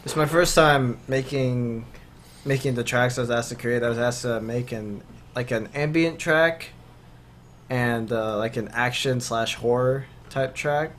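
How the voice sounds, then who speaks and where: A young man co-hosts a podcast, chatting casually in a loose, rambling way with many fillers. His mid-range voice is fairly bright and a little slow, with slight background noise.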